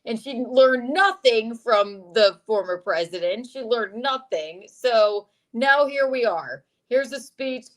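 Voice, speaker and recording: A woman's voice: fairly high pitch, animated, slow pace, few pauses, a bit bright, poor audio. Sarcastic woman joking in casual chat. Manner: sarcastic, joking, swears, laughs often. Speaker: co-host.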